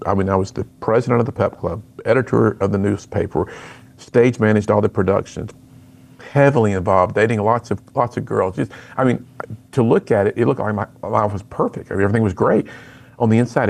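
A man's voice: on the low side, fast talker, gravelly. A middle-aged man, a speaker and author, telling his personal story earnestly in an interview.

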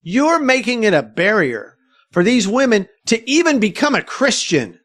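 High-voiced man telling stories animatedly. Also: moderate pace. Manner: animated, quotes others, frequent restarts. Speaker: filmmaker guest. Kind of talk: conversational interview storytelling.

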